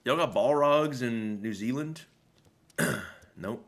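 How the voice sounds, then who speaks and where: A man's voice: medium pitch, slow pace. A young American man hosting a casual stream chat, joking, laughing and swearing freely. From United States. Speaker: streamer host.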